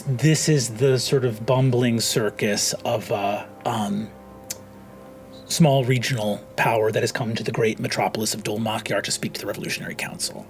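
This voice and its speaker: A man narrating as game master in a tabletop game, rambling with many fillers and restarts. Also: medium pitch.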